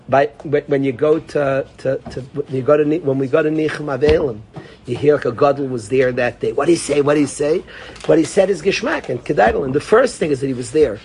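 A man's voice: fairly high pitch, a little fast, darkish tone, slight background noise. A man teaching an informal Torah class, talking conversationally, repeating phrases and calling on students by name.

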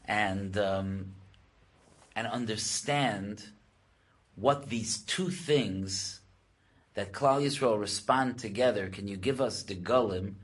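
A man's voice: lowish voice, breathy edge. A man, a rabbi, giving a Torah class. He explains Hebrew texts in English, his voice rises when he quotes them, and he thinks aloud with many restarts.

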